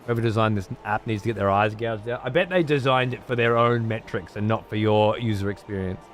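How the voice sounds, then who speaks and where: A man's voice: on the low side, fairly quick, faint music behind. A man streaming and chatting casually with his audience, blunt, rambling and full of swearing.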